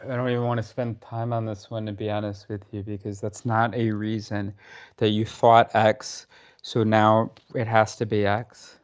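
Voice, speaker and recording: Sarcastic, pressing man with a smooth voice. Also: fairly low pitch, little pitch movement, normal speed. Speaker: partner in a debate. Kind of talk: casual argument between partners.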